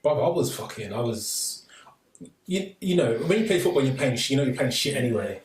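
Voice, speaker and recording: Animated man telling a story. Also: medium pitch, a little fast. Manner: animated, acts out quoted voices. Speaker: podcast co-host. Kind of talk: casual storytelling chat. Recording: echoey room, slightly distant mic, faint noise.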